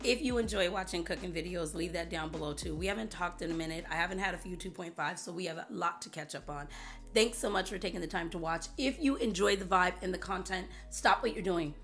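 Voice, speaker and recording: A woman's voice: lowish voice, fast talker, a bit bright, soft background music. A woman beauty vlogger chatting casually to camera, bubbly and talkative, repeating words for emphasis.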